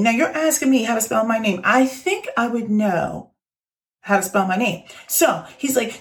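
Woman, young adult, casual storytelling vlog, exasperated, animated, slightly high pitch. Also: normal speed. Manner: animated, exasperated, acts out quoted voices. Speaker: YouTuber telling a workplace story.

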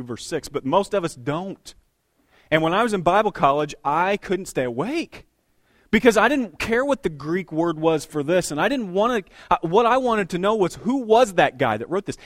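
A man in his thirties preaching a sermon as pastor, conversational and animated, with self-deprecating asides. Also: a little high, no echo, studio quality. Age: 30s.

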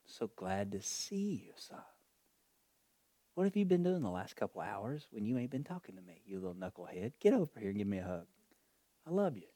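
A man's voice: on the low side, very animated, fairly quick, mellow, no room sound. A preacher voicing God as an affectionate male heavenly father who fondly teases a wayward son. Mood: tender. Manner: playful, scolding a child fondly.

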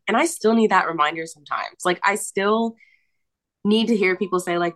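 A woman's voice: medium pitch, expressive, normal speed, fairly bright tone. A young woman co-hosting a podcast, chatting frankly and casually, swearing freely and laughing often. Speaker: podcast co-host. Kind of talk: casual chat. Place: apartment.

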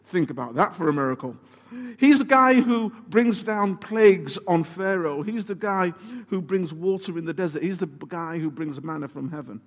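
A man with a high-pitched voice preaches with animated emphasis and asks his listeners rhetorical questions. His voice carries a long, echoing hall reverb. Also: moderate pace. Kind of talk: sermon.

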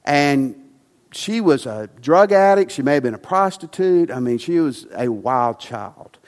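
A male pastor preaching a sermon, emphatic and passionate at times, then quiet and soft. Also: on the high side, lively intonation, unhurried, long reverb tail. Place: church sanctuary.

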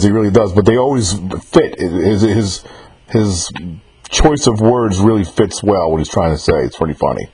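Fifty-something male interviewer, lowish voice. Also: big pitch swings, normal speed, darkish tone. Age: 50s. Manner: affirming, repeats himself while searching for words. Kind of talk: casual interview.

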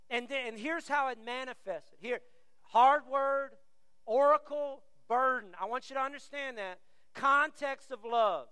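Middle-aged pastor guy, high bright voice, smooth, big hall echo, acts out quotes. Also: moderate pace. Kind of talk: sermon.

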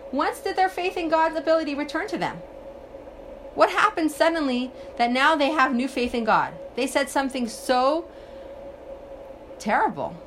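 A woman teaching a religious text, reading Hebrew passages aloud, then translating and explaining them with rhetorical questions and lively retelling. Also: high voice, a little hiss or hum. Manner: animated storytelling with rhetorical questions. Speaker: Torah teacher. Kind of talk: text study lesson.

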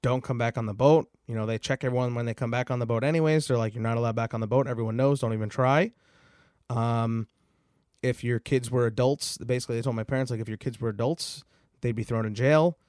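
A man's voice: medium pitch, fairly even intonation, fast talker, a little mellow, no room sound, clean studio sound. A young man hosting a podcast, telling a long personal story in a rambling, casual way, full of fillers and swearing. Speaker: podcast host.

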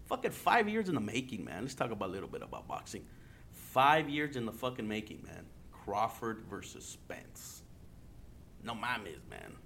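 A man's voice: lowish voice, wildly swooping pitch, normal speed, vocal fry, a bit bright, slight background noise. A man from Arizona hosting his own podcast in casual solo talk, rambling, heavily profane and joking at himself, with Spanish slang dropped in. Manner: loose, joking and laughing at himself. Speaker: podcast host.

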